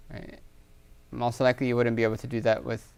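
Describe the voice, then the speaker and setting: A man's voice: medium pitch, flat delivery, a little fast, vocal fry, darkish tone, smooth. A man teaching Arabic grammar in a live class, explaining step by step, checking in with a constant "right?", and reading Arabic phrases aloud. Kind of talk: live online class lecture with Q&A.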